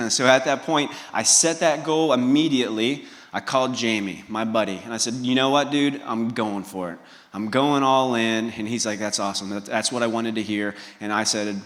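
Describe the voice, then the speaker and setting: A man's voice: mid-range voice, fairly bright tone, in a large hall. A man giving a motivational keynote, telling a personal story and asking the audience direct questions. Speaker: keynote speaker. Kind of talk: motivational talk.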